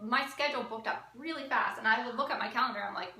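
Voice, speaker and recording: A woman's voice: on the high side, fast, bright, forceful tone, roomy sound, low-quality recording. A woman in her thirties, a photographer guest, chatting casually about her work with lots of "like" fillers. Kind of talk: casual conversation. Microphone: video call.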